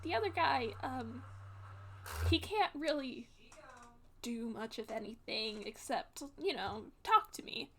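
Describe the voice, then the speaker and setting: Woman playing a kind young man, high voice, soft and halting, slow. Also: expressive. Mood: explaining. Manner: soft, hesitant, many fillers. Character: gentle reassuring young man, secretly not human. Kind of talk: voiced role-play.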